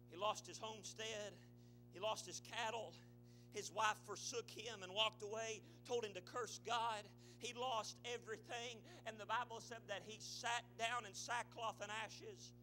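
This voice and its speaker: A male pastor preaching a sermon, swelling into shouts and then dropping to a low, quiet delivery.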